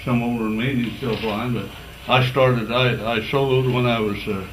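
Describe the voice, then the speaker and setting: Elderly man, 80s, folksy and halting; distant mic in a reverberant room. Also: medium pitch, fairly even intonation, a little hiss or hum. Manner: rambling and folksy, with halting restarts. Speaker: public commenter. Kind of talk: spoken public comment at a county board meeting. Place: meeting room.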